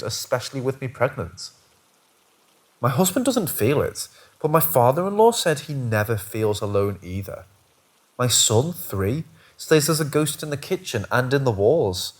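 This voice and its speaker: A man reads first-person paranormal stories as scripted narration. His pitch sits in the middle and rises and falls a lot. The reading stays steady throughout.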